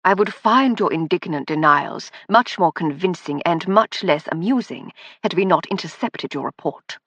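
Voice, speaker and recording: A woman's voice: on the low side, animated, normal speed, a bit bright, no echo. A woman voicing an arrogant male spy, coldly polite and sneering. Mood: menacing. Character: arrogant German male spy, cold and mocking.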